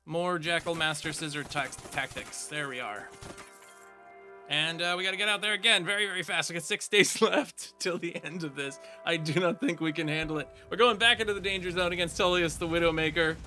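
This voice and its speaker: Bright, high-voiced male game streamer. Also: brisk, faint music behind. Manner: excitable, breaks into laughter and shouts. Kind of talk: casual gameplay commentary.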